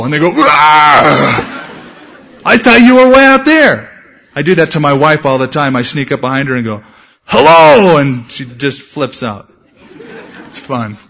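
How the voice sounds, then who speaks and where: A male pastor preaching a sermon, telling stories with lively asides and acting out quotes. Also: a little high. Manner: animated storytelling, shouts acted quotes. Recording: dull lo-fi sound.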